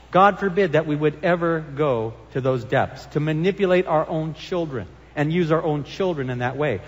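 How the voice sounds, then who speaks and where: A man preaching a sermon as pastor, earnest and emphatic as he reads and explains scripture. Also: a little high. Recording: long hall reverb.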